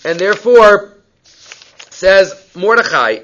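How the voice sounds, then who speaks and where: High-voiced man teaching a Talmud class. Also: expressive, moderate pace, a bit bright, lo-fi sound. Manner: mixes Aramaic reading with English explanation, conversational. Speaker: Torah teacher.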